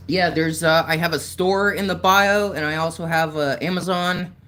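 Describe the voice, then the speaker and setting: A man's voice: fairly high pitch, steady tone, moderate pace, bright, forceful tone. A man live-streaming while he paints. He chats casually with his viewers in a rambling, easygoing way, full of fillers. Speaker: artist livestreamer. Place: outdoors on a warm day.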